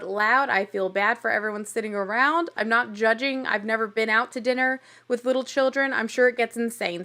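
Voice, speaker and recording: A woman's voice: a little high, pushed and bright. A young adult woman hosting a podcast, recapping a reality show in a chatty, candid way and laughing often. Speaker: podcast host. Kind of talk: casual TV recap.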